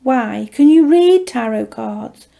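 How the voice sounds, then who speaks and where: A woman's voice: high voice, expressive, a little slow, creaky, darkish tone, full character voice. A woman voicing a rude, defensive young woman dabbling in witchcraft, curt and scornful.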